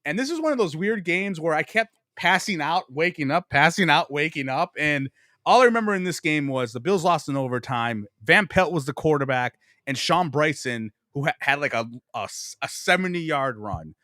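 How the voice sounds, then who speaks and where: A man's voice: a little high, animated, normal speed, bright, forceful tone, no room sound, studio quality. Rambling profane man telling stories. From Buffalo, New York. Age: 40s. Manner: rambling storyteller, profane, self-mocking. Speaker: podcast guest. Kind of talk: casual sports chat.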